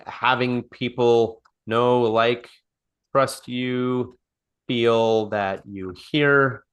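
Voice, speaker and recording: A man's voice: mid-range voice, fairly bright tone. Man coaching sales on a call. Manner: repetitive, restarts phrases, acts out sample dialogue. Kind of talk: live online coaching session.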